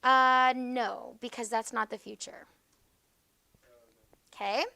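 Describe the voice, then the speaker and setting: A woman leads a grammar class, her voice bright and crisp and a little high for a woman. She checks in with "okay?" after almost every point and slows down to stress each example phrase. The sound is dry and close, with no room echo. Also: steady tone. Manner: frequent checking "okay?" with students; slow, stressed reading of example words. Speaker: teacher.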